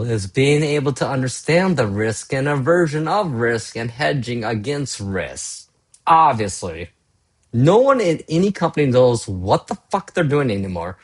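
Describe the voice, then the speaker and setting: Husky profane ranting man. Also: medium pitch. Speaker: vlogger. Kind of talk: casual solo rant.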